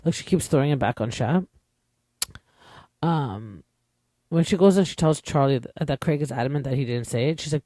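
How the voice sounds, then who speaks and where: A man's voice: medium pitch, moderate pace, pauses often, mellow, no room sound, clean studio sound. A young man from Canada, an opinionated podcast host chatting casually through a reality TV recap with lots of fillers.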